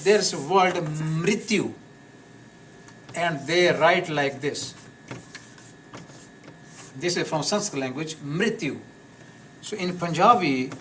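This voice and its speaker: A man teaching a live class on pronunciation, slowly repeating words and sounds for his students. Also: fairly high pitch, fairly bright tone. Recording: distant mic with faint noise.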